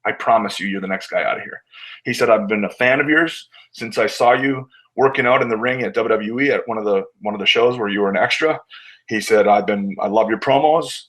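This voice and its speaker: A man's voice: fairly low pitch, brisk, a bit bright, low-quality recording. A man, a wrestler guest, telling candid stories in a casual interview, acting out what others said and swearing now and then.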